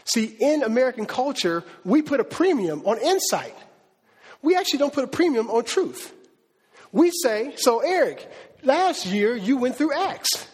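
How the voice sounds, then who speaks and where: A male pastor preaching a sermon in a lively, conversational, slangy way. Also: very high-pitched, measured pace, husky, long reverb tail.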